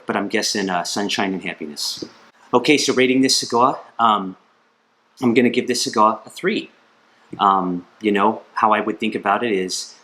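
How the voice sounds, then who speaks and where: A man reviewing a cigar on camera, trading deadpan jokes and mock arguments with someone off camera. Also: deep voice. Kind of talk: comedic product review vlog.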